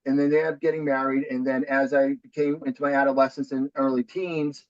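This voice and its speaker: A man's voice: mid-range voice, level tone, a little fast, no echo, muffled recording. A man in his forties from New Hampshire with a thick Boston accent, a talkative and upbeat podcast guest telling his story. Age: 40s. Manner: upbeat, talkative, self-deprecating. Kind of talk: casual interview.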